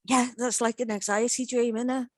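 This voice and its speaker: A woman's voice: on the high side, level tone, moderate pace, dry recording. Woman on a podcast, laughs a lot, self-deprecating, dry close sound. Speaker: podcast guest. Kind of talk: casual podcast chat.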